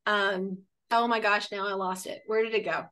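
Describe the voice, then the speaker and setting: A woman in her late forties from Florida, a real estate coach chatting in an upbeat, animated way. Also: mid-range voice, moderate pace. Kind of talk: casual coaching conversation.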